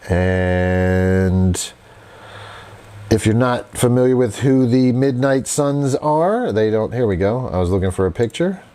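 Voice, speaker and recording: A man's voice: mid-range voice, sing-song, takes it slowly, dark tone. A man hosting a live horror news stream. He talks casually, laughs often and greets viewers in the chat by name.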